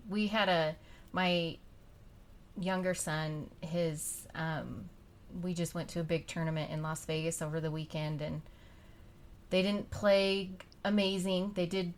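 A woman's voice: on the low side, steady tone, measured pace, slight background noise. A woman podcast host and youth soccer coach, chatting casually and telling rambling stories with frequent laughs. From Utah, United States. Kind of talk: casual interview chat.

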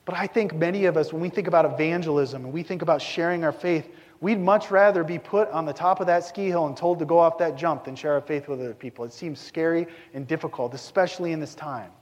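Man, pastor, live sermon, earnest, acts out quoted voices, slightly high voice, long church reverb. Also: quick pace, few pauses.

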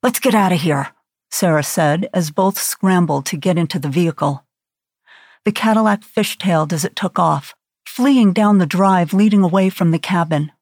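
Female audiobook narrator, steady dramatic thriller read, dry sound. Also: fairly low pitch, moderate pace, no room sound.

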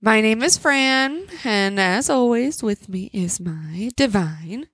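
A woman's voice: on the high side, expressive, slow pace, a bit bright, dry recording. A woman co-hosting a casual podcast, chatty and playful, drawing out her intros. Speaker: podcast co-host. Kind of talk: casual chat.

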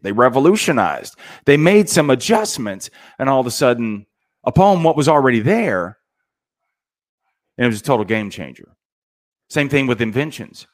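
Middle-aged guy doing a laid-back pep talk for his show, keeps saying "man", ordinary mid pitch. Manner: casual, animated, says "man" often. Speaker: podcast host. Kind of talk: motivational talk.

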